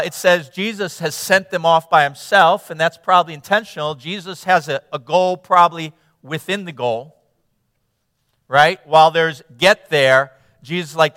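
A male preacher reading and retelling scripture with earnest emphasis, then praying softly. His voice is slightly high, bright and smooth. The sound carries a long reverb. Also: clean studio sound. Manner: earnest, emphatic, drops to a hushed tone in prayer. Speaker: pastor. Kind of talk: sermon with scripture reading and prayer.

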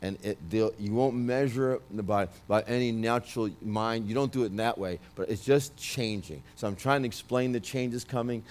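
A man with a New York accent giving a prophetic word, talking loudly and emphatically, with frequent restarts. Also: mid-range voice, normal speed, few pauses. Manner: loud, emphatic, with many restarts. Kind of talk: prophetic ministry speech.

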